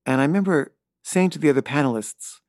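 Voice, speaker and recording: A middle-aged filmmaker telling a personal anecdote in a loose, rambling way, full of fillers and stammered repeats. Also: male voice, fairly high pitch, animated, fast talker, darkish tone, no room sound, studio quality. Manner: stammers and repeats himself when flustered. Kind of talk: casual spoken anecdote.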